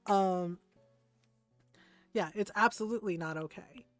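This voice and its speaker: A woman's voice: medium pitch, unhurried, faint music behind. A woman streamer chatting casually with her viewers while gaming, telling stories candidly and animatedly, with some casual swearing. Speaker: game streamer.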